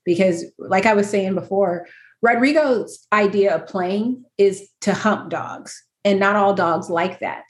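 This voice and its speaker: A woman's voice: medium pitch, measured pace, roomy sound. A woman chatting casually as a guest, self-deprecating and laughing often as she talks. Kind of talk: casual chat.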